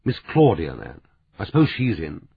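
A man voicing a pushy woman caller in an audiobook, firing off brisk, demanding questions. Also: sits low, wildly swooping pitch, gravelly, breathy edge, highs cut off, full character voice.

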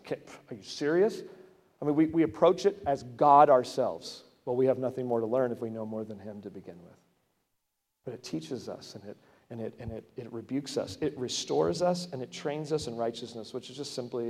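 A man's voice: mid-range voice, darkish tone. A man preaching a sermon to his congregation, talking in a conversational way that climbs to emphatic peaks. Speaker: pastor. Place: church sanctuary. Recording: long hall reverb.

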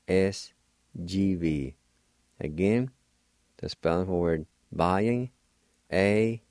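A deep-voiced man leads a radio language lesson at an unhurried pace. He spells every word out letter by letter before he sounds it out. His voice is mellow and dark, and the recording is dry and close with almost no room sound. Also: no room sound. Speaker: radio host teaching words.

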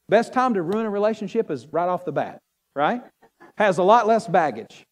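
A man preaching a sermon as pastor, animated and joking with the congregation. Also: high-pitched, a little fast. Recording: long hall reverb.

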